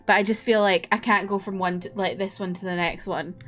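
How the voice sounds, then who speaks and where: A woman's voice: medium pitch, fairly even intonation, a little fast, a bit bright, soft background music. A tired young woman streamer chatting casually and rambling, often breaking into laughs.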